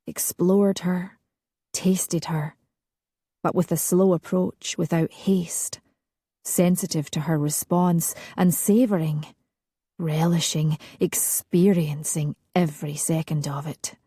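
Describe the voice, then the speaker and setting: A woman narrating a historical romance audiobook in a slow, hushed, sensual reading. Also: fairly low pitch, steady tone, breathy edge, no room sound, clean studio sound.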